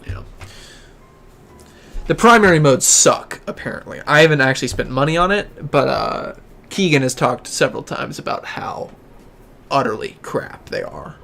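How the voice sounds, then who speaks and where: A highish, animated male voice, creaky, bright and forceful, over soft background music. This Tennessee game streamer with a Southern US accent hosts a casual live session, rambling and joking readily with his co-players.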